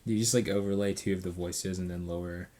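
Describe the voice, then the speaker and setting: A man's voice: low-pitched, steady tone, fast talker. A man who is a guest on a casual commentary, mostly chipping in with short reactions and questions. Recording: loud background noise.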